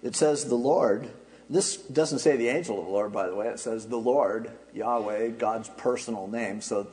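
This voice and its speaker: A man's voice: medium pitch, normal speed, darkish tone, rough recording. A man pastor preaching an expository sermon, explaining in a conversational way with wry asides.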